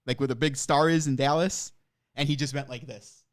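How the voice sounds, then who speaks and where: A man co-hosting a podcast, talking sports excitedly in casual chat, swearing often and restarting his sentences. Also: mid-range voice, moderate pace, no echo, clean studio sound. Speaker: podcast co-host.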